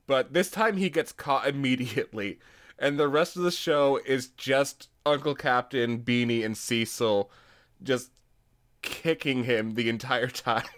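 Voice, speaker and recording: Slow-talking joking male guest. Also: mid-range voice, fairly bright tone. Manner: joking, laughs often, drawn-out storytelling. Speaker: podcast guest. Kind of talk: casual chat.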